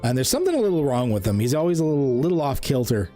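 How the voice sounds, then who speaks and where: A man's voice: mid-range voice, big pitch swings, very fast, dark tone, faint music behind. A man from Canada narrating a tabletop game as game master, in loose, filler-heavy speech.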